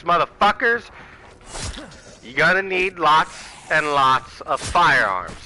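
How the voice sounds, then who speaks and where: A man's voice: a little high, bright, forceful tone, slight background noise, poor audio. A man hosting his own channel, delivering a heated, profane political rant and addressing viewers directly as y'all. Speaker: channel host. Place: Arizona home.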